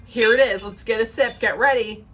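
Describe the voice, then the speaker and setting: A woman's voice: a little high, normal speed, pushed and bright, slightly rough, soft background music. A woman giving a chatty, opinionated recap rant, emphatic and rambling with sarcastic asides. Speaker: reality TV recap vlogger.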